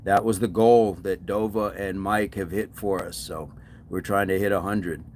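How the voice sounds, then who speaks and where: A man's voice: low-pitched, fairly even intonation, normal speed, darkish tone, slight background noise. A man hosting a fitness livestream, chatting casually and answering viewer comments with encouragement.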